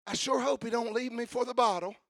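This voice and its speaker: A man voicing a worried male deity who frets in a soft, hushed, mock-anxious murmur. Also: very high-pitched, steady tone, quick pace, gravelly, dry recording, clean studio sound, full character voice. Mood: mock worry.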